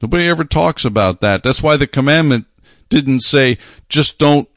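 A man preaching a sermon, talking emphatically, repeating phrases and slowing down to stress his points. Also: mid-range voice, animated, a bit bright, dry recording, clean studio sound.

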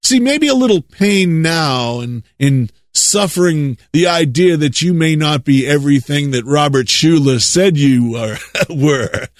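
A man delivers a sermon in a sarcastic, lecturing tone and often chuckles at his own remarks. His voice sits a little high for a man. The sound is close and dry, with no room echo. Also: expressive, a little slow. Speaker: preacher.

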